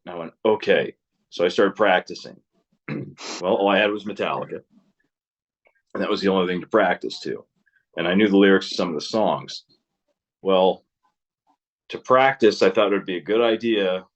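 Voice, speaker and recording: Brief: man, 30s, very low voice, loose rambling storyteller who cusses, slightly muffled lo-fi sound. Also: moderate pace, long pauses. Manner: rambling storyteller, swears freely, laughs often. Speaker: interview guest, musician. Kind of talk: casual interview chat.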